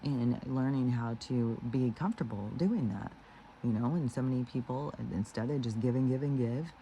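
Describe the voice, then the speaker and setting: A man talks in a mellow, warm tone. His spiritual monologue meanders through fillers and false starts. He turns earnest and slower on the points he wants to stress. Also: mid-range voice, a little hiss or hum, low-quality recording. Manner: meandering, heavy with fillers and restarts; earnest, slows down on key phrases. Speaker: spiritual vlogger.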